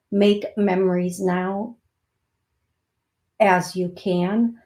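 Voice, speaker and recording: A woman with an Upper Midwest accent hosting a call-in psychic show, calling people love in a soothing, unhurried way. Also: medium pitch, echoey room. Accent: Upper Midwest American. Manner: warm, calls people love, slow and soothing; laughs at herself, gets giggly. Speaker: psychic medium host.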